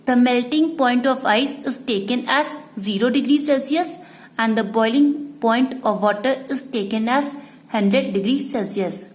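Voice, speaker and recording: Slow, repetitive woman teacher. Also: fairly high pitch, poor audio. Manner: repeats points, addresses students often. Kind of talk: slow classroom explanation.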